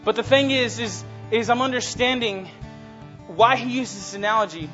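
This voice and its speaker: A young man with a high, light voice preaches in a relaxed, chatty way and builds to heartfelt, passionate emphasis. The sound is dull and lo-fi, with faint music underneath. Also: moderate pace. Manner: casual and earnest, swelling to passionate. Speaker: youth preacher. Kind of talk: sermon.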